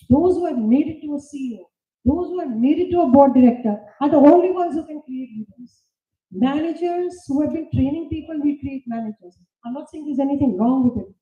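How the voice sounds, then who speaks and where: A woman's voice: high-pitched, dark tone. A woman giving an emphatic, self-assured talk on leadership in a large lecture hall. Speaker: conference speaker. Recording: roomy, distant, dull hall recording.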